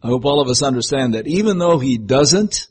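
Husky older male preacher. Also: mid-range voice, animated, fairly quick. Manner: folksy, storytelling, breaks into acted voices. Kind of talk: sermon.

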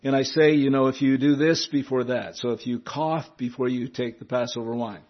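A man's voice: medium pitch, fairly even intonation, normal speed. Man teaching Bible, dull lo-fi recording. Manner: conversational, chuckling asides, repeats key words.

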